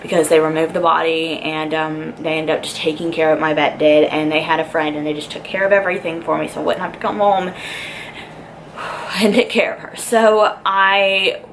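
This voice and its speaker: A young woman vlogger tells a personal story, rambling and chatty, her talk packed with "like" and "um." Her voice is deep, with fairly even intonation and a moderate pace. The recording is low quality, with slight background noise.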